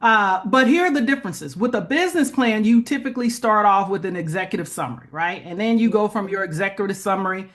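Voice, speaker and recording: A woman's voice: medium pitch, animated, quick pace, few pauses, fairly bright tone. A woman as an interview guest, explaining business funding plainly and checking in with "right?". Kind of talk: conversational interview.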